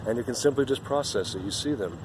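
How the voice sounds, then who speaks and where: A man's voice: medium pitch, expressive, fast, background noise. A man giving an earnest, rambling spiritual monologue outdoors, often repeating himself.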